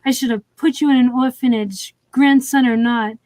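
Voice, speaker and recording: A woman's voice: high-pitched, fairly even intonation, normal speed, darkish tone, no echo, close to an everyday voice. A woman reading out a cruel old grandmother. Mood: scolding. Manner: harsh, commanding.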